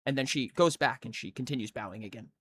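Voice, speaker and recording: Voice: medium pitch, quick pace, a bit bright, breathy edge, no echo. A game master narrating a tabletop game scene by scene, vivid and building detail.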